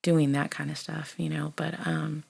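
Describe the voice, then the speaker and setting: A woman in her thirties telling a personal memoir in a casual, conversational way, often dropping to a soft half-whisper with many fillers. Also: sits low, level tone, a little slow, gravelly, breathy edge. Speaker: author reading and reflecting on her book. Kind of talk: casual spoken memoir reading.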